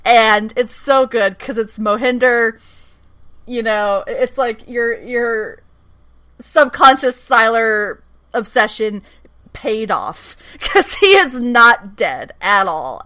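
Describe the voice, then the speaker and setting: A woman's voice: a little high, slow. A woman co-hosting a casual podcast, retelling a TV episode with giggles, swearing and acted-out lines. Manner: giggly, animated, acts out characters' lines, swears freely. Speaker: podcast co-host. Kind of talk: casual chat recapping a TV episode.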